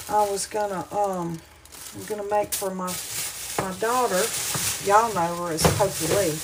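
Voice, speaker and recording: A woman's voice: mid-range voice, noisy background. A middle-aged woman with a Southern American accent, chatting with viewers on a casual cooking livestream, homey and rambling, a little wheezy from hay fever. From Southern United States. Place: home kitchen.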